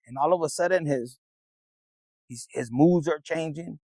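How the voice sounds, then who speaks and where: A man's voice: a little high, measured pace, a little mellow, no room sound, poor audio. A man giving a casual tarot reading, rambling and streetwise, swearing freely as he talks to viewers. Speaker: tarot reader.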